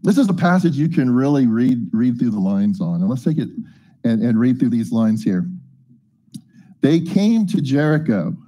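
Guy giving a laid-back sermon, mellow low voice, jokes around a lot. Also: very animated, moderate pace. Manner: folksy, chatty, jokes and asides. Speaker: preacher. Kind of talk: casual sermon with scripture reading.

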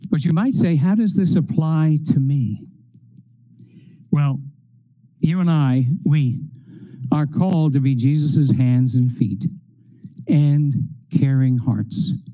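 A man preaching a sermon, working through numbered points in a slow, measured way. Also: medium pitch, mellow, rough recording.

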